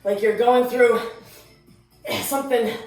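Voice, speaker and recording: A woman instructor coaching a workout, energetic, counting down reps and chatting between moves, out of breath. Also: on the high side, takes it slowly. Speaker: fitness instructor. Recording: roomy echo, distant mic, music behind.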